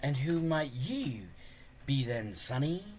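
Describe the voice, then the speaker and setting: Guy doing a suave charming con man, smooth, easygoing. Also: mid-range voice, very animated, takes it slowly, a little mellow, slight background noise.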